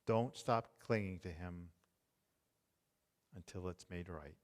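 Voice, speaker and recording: A middle-aged man preaching a tender, hushed sermon as pastor. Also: deep voice, long reverb tail. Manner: slow, tender, hushed delivery.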